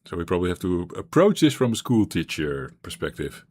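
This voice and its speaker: A man's voice: sits low, sing-song, brisk, darkish tone. A man streaming a retro game, thinking aloud and rambling with frequent restarts. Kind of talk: live-stream gameplay chat.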